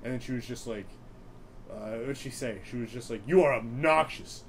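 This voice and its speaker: A man's voice: mid-range voice, fairly even intonation, a little fast, darkish tone, slight background noise. A young man from New Jersey, a guest comedian, talking casually, telling rambling stories and acting out the lines he quotes, laughing often. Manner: chatty storytelling, acts out quotes, laughs often. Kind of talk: casual interview chat.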